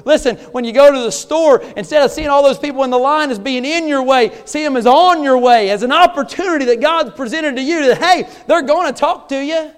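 A man's voice: very high voice, long reverb tail. A man who is a visiting missionary preaching a sermon, pressing his points with rhetorical questions.

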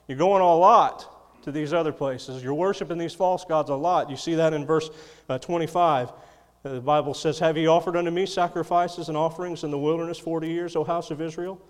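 A man's voice: fairly high pitch, in a large hall. A man preaching a sermon, reading scripture and adding folksy, chuckling asides. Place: church.

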